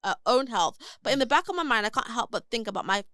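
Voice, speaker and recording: A young woman on a podcast, reading a listener's email aloud in an earnest, measured way. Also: on the high side, animated, pushed and bright, no echo, clean studio sound. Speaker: podcast co-host.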